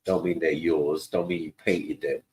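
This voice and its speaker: A man's voice: very deep voice, level tone, moderate pace, a little mellow, slightly rough, low-quality recording. A man, chatting casually on a livestream panel in laid-back slang. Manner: laid-back slangy talk, frequent "you know what I mean".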